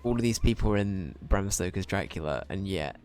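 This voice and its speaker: Young guy streaming games, chatty and sweary, bit low voiced, quiet music underneath. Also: expressive, a little fast. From Britain. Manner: chatty, rambling, sweary and jokey. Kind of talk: casual game-stream chat.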